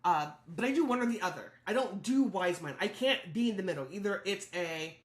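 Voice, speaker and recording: A woman's voice: mid-range voice, expressive, a little fast, hardly any pauses, roomy sound. A woman hosting a solo podcast, talking candidly and reflectively about her own thoughts and feelings. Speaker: podcast host.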